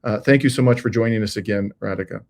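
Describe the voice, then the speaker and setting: A man hosting an interview over a video call, speaking in a measured way with frequent "uh" fillers. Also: on the low side, a little mellow. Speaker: interview host. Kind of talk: scripted intro then interview questions.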